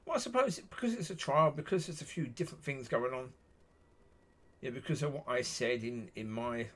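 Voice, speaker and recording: A man talking straight to camera in a loose, rambling monologue. His voice is husky, and his pitch swings widely as he circles back over the same points. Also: lively intonation, fairly quick, fairly bright tone. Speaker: vlogger.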